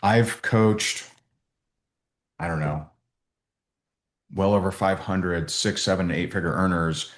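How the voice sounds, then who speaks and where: A man coaching a team on a video call, telling stories with lively restarts and repeats. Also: deep voice, slow pace, long pauses, reverberant. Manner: animated storytelling with many restarts. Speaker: business coach.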